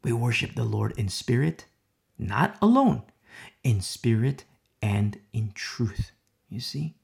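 Preacher guy, super gravelly voice, swings up and down a lot, repeats himself hard, says you see a lot. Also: medium pitch, sing-song, slow, darkish tone. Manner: emphatic and repetitive, rhetorical "you see?", drops to near whispers. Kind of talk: sermon.

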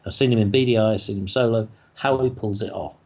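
A British music writer, a guest on a podcast interview over a video call, talking in expressive, emphatic bursts. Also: male voice, lowish voice, quick pace, lo-fi sound. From Britain.

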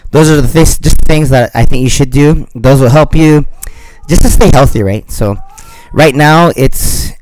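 A man co-hosting a podcast in casual chat, rambling with many fillers and trailing off quietly. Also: fairly high pitch, measured pace, noisy background. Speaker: podcast co-host.

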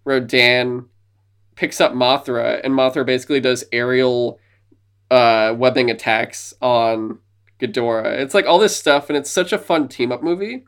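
A man's voice: mid-range voice, a little slow, clean tone. Male podcast co-host, casual chat, eager storyteller with playful bits of voice acting. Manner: enthusiastic retelling of movie scenes, slipping into silly voices.

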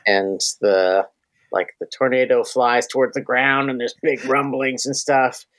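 A man's voice: mid-range voice, fairly even intonation, a little slow, a bit bright. A man co-hosting a comedy podcast in a casual, playful, crude way, often slipping into silly voices. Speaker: podcast co-host.

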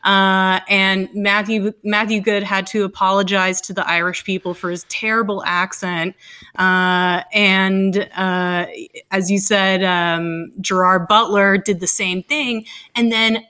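Woman podcasting, bright crisp voice, jokey and chatty with lots of uhs. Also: medium pitch, level tone, slow. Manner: chatty, joking, many fillers. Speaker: podcast co-host. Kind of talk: casual podcast chat.

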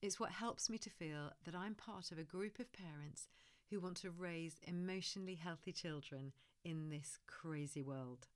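A woman hosting a parenting podcast, talking in a gentle coaching way and dropping to a soft hush for comforting phrases. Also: lowish voice, normal speed. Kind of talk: solo podcast talk.

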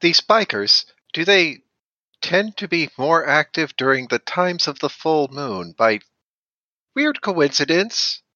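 Bright, lively wry male player. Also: on the high side, slow, no room sound, dull audio. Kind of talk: tabletop role-play chat.

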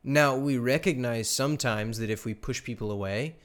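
Young guy on a live stream chat, gets animated acting out little exchanges, mid voice. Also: normal speed. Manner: animated storyteller, acts out quoted exchanges with rising pitch. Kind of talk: casual chat.

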